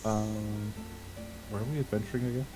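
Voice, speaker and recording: A man's voice: lowish voice, steady tone, normal speed, dark tone, faint music behind, poor audio. A man playing in a tabletop game, joking and feigning innocence. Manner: playfully evasive, feigning innocence. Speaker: player. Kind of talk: casual tabletop banter.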